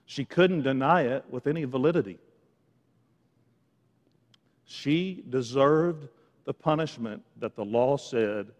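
A man preaching a sermon in a church, swinging between hushed, quiet lines and loud, rising ones, with touches of sarcasm. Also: medium pitch, long reverb tail. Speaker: pastor. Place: church sanctuary.

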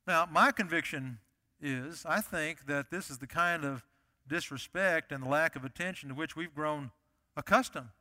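Bright-voiced preacher in a reverberant hall. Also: male voice, fairly high pitch, normal speed. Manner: emphatic, repeats key phrases. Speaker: pastor. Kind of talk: sermon.

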